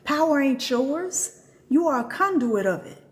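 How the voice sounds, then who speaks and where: A woman's voice: high-pitched, sing-song, measured pace. An older woman teaching as a spiritual reader on a live stream. She speaks bluntly and animatedly, swears freely, and laughs often.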